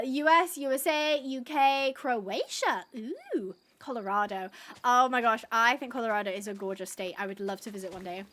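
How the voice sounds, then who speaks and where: A woman's voice: fairly high pitch, bright, forceful tone. An English woman live-streaming a game, chatting casually and rambling, laughing often as she reads out the chat. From England.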